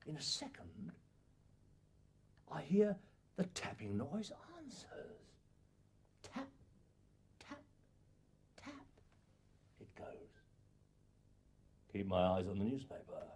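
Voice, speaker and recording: An actor playing an elderly father in a lonely farmhouse, a shrewd and wry man telling his story slowly in a husky voice. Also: on the high side, a little mellow, heavily acted. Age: older. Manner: slow storytelling with playful sound imitations. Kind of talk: acted monologue recollection.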